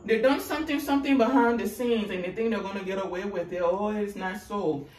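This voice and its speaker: A woman with a West African accent giving a casual, sassy tarot reading, with big swings in pitch as she talks. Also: brisk. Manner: sassy and animated, with big swoops in pitch and laughter. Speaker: tarot reader. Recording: roomy, distant mic with faint noise.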